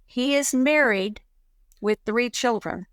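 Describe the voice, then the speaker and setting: A middle-aged woman talking in a relaxed chat, telling a personal story and acting out the voices of people in it. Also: fairly high pitch, slow pace, smooth, no echo. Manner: animated, acts out quoted dialogue. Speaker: guest.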